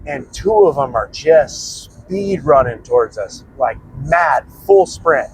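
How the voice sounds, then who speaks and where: A man's voice: fairly high pitch, lively intonation, slow pace, slight background noise, poor audio. A young man casually telling a personal story, rambling and swearing freely as he goes. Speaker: prepping channel host.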